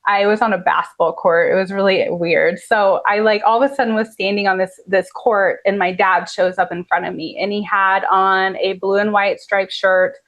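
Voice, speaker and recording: A woman's voice: mid-range voice, steady tone, moderate pace, hardly any pauses, a bit bright. Earnest woman telling a heartfelt story. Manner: earnest, heartfelt, with many "like" fillers. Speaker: podcast guest. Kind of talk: personal storytelling.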